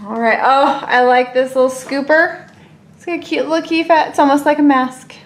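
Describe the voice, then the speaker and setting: A woman's voice: high voice, fairly even intonation, normal speed, echoey room, slight background noise. A woman unboxing toys on her own channel, gushing and playful, squealing with delight at each surprise. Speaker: toy unboxing vlogger. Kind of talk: excited toy unboxing chatter.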